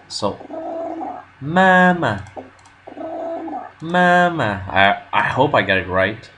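Recording a casual lesson commentary by himself, a male language-learner vlogger sounds nervous and unsure of himself, halting often with fillers. His voice sits low, with a bright, forceful, husky tone.

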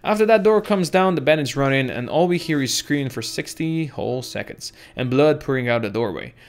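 A man's voice: medium pitch, expressive, fairly quick, natural voice. A man voicing a drunk, burly old retired tech hunter who rambles on in a folksy, boozy way while telling stories. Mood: storytelling.

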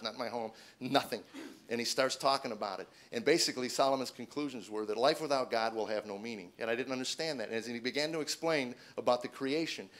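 Fast-talking comedian telling a personal story. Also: male voice, medium pitch. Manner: self-deprecating, acts out dialogue in shifting voices, rises to excited near-shouts. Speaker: stand-up comedian. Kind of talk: stand-up storytelling. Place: stage before a live audience.

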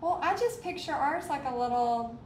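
Hosting a relaxed art livestream, a woman in her 40s from Texas talks at a moderate pace in a high voice, reading out comments from viewers as she demonstrates crafts. The audio is roomy, with slight hiss or hum.

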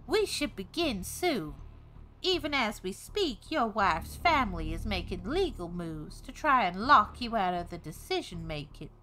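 Woman playing a pompous, ominous gentleman. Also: mid-range voice, big pitch swings, a little slow, slight background noise. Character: formal, lawful man serving a dark king.

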